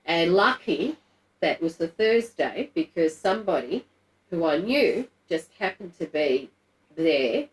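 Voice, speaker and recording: A woman's voice: fairly low pitch, animated, slow, rough recording. A middle-aged woman, telling a personal story to a group in a candid, blunt and emotional way, swearing freely. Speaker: guest telling her story.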